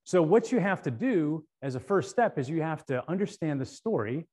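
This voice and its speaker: A middle-aged man speaking at a conference, telling a story in an animated way and often repeating words as he gets going. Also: on the high side, moderate pace. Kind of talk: storytelling keynote talk.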